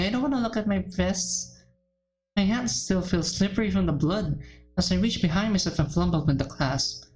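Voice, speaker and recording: A woman's voice: fairly low pitch, a little mellow, a little hiss or hum, poor audio. A woman hosting a let's play, reading a visual novel's text aloud and breaking off with shocked, emotional reactions and gasps. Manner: emotional, gasping and swearing in shock between read passages.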